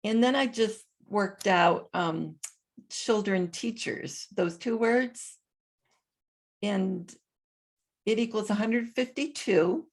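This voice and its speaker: A woman with a mid-range voice vlogs in a casual monologue, reading from her notes and spelling out numbers slowly and deliberately.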